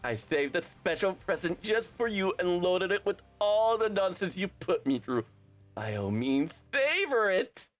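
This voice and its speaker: A man voicing a scheming young man who gloats loudly and theatrically in a raised voice. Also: sing-song, unhurried, faint music behind. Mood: gloating. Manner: high, loud, gloating and theatrical.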